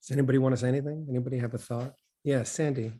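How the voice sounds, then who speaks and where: A man's voice: mid-range voice, fairly even intonation, very fast, dark tone. A man, a rabbi, leading a casual study group, enthusiastic and asking the group questions.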